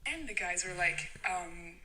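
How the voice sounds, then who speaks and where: Bright-voiced Scottish woman telling a story. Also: lowish voice, lively intonation, unhurried, slight background noise, rough recording. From Scotland. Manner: rambling, laughing, frank. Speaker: listener sending a story. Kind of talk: casual storytelling voice note.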